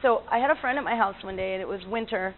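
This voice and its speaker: A chatty animal communicator tells stories casually in a fast, mid-range voice, laughing often and using many fillers and restarts. She comes through a tinny lo-fi line with faint noise.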